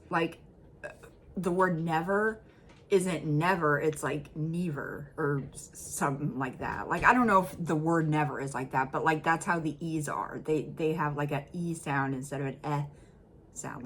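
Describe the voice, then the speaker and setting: American woman, reaction host, low-pitched, rambly casual talker. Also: normal speed, fairly bright tone, a little hiss or hum. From United States. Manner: chatty, rambling, with many fillers and laughs.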